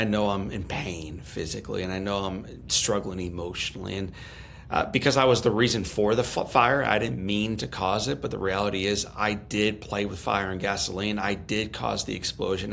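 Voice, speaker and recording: A man's voice: on the low side, gravelly, fairly bright tone, a little hiss or hum. A middle-aged man telling his own story earnestly in an interview, often repeating words as he stresses a point. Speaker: podcast guest, speaker.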